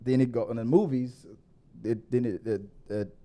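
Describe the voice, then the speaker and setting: A man hosts a casual movie review show in a mellow, darker voice. He rambles and restarts his sentences often, his pitch sitting at an ordinary middle level. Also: normal speed. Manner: rambling, many restarts, grows more animated and louder. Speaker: podcast host.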